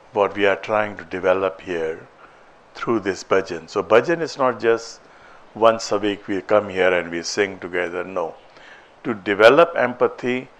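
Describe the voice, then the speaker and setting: A man giving a spiritual talk as a teacher, deliberate and storytelling. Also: on the low side, a bit bright. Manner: slow, deliberate, telling a moral story.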